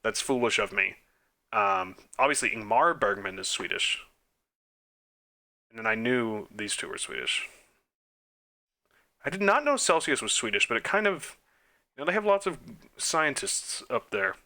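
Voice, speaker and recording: A man's voice: medium pitch, big pitch swings, measured pace, pauses often, bright, forceful tone. A young man casually thinking aloud as he plays trivia quizzes, muttering answers and making self-deprecating, chatty asides. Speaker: quiz game let's player.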